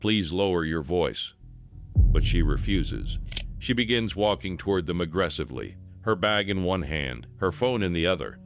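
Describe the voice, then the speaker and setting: A man narrating a scripted documentary in an even, measured storytelling manner. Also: deep voice, gravelly, faint music behind.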